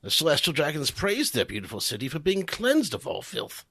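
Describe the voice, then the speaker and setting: A man reading the lines of a scheming, cruel king in a low, calm, reasoning way during a comic recap podcast. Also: fairly quick, slightly rough, no echo, heavily acted.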